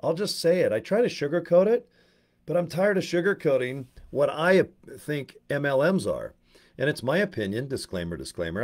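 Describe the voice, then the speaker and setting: A man's voice: medium pitch, a little mellow. A man giving a casual, rambling, blunt monologue to camera as an online business promoter.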